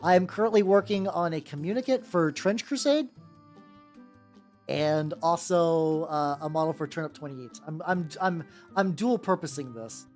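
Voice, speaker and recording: A VTuber paints miniatures while chatting with live-stream viewers, speaking at medium pitch and normal speed in an animated, darkish voice. The talk is rambling and profane, with sentences often restarted, and faint music plays behind it.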